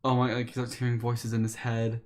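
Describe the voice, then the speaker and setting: A man streaming, retelling a story in a casual, animated way with lots of fillers. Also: mid-range voice, fairly quick. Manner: animated retelling, with many fillers and acted quotes.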